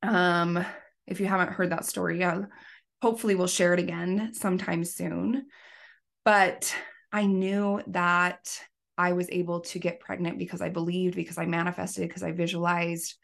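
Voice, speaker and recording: A woman's voice: fairly low pitch, little pitch movement, moderate pace, creaky, fairly bright tone. A woman in her thirties, a life coach and podcast host, telling a personal story in an earnest, emotional way. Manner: emotional, earnest, tearful at times. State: pregnant.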